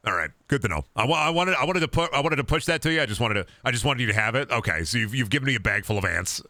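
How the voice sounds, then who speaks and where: A man streaming a video game, chatting casually and profanely with his viewers in an animated way. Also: mid-range voice, racing, no room sound. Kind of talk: casual gaming stream commentary.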